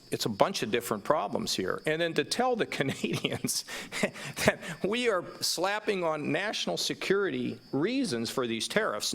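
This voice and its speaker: A man's voice: a little high, gravelly, a bit bright. A man in his sixties speaking passionately in an onstage conversation, emphatic and stumbling over repeated words. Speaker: governor. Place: stage before a live audience.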